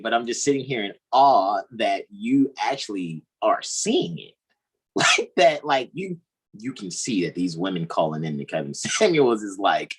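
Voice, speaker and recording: A man giving a casual astrology talk as co-host over a video call, animated and thinking aloud. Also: lowish voice, moderate pace, breathy edge.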